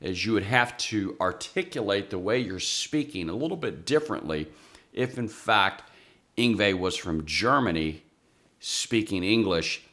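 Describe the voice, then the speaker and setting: A fairly bright tone over a low-sitting voice marks this man, who wryly and casually discusses guitar playing on his own channel. His rambling vlog is chatty and self-deprecating.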